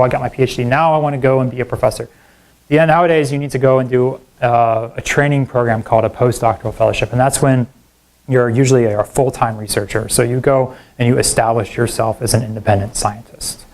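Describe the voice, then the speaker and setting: A man's voice: medium pitch, fast. A middle-aged man, a professor, giving a public lecture full of self-deprecating stories and asides like "right?". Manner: animated storyteller, self-deprecating, frequent "right?" and "like". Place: university lecture hall.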